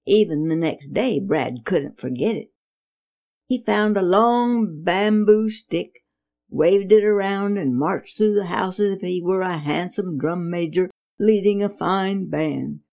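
A woman reading a children's story aloud, expressive with dramatic pauses. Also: lowish voice.

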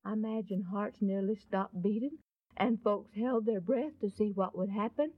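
A woman tells a Bible story in a folksy, animated, dramatic style and finishes with a gospel appeal. Her voice is medium in pitch and her pace moderate, and the lo-fi recording sounds dull, with no room sound.

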